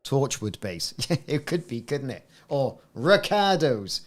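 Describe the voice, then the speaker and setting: A man's voice: medium pitch, big pitch swings, slow. Chatty man streaming a space game. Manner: chatty, rambling, self-interrupting. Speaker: gaming streamer. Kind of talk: live-stream gameplay commentary.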